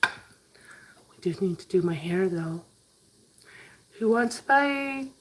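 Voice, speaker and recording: A cooking vlogger talks slowly but animatedly in a mid-range voice, joking and chatting with her audience as she cooks on camera in her kitchen. Background noise can be heard.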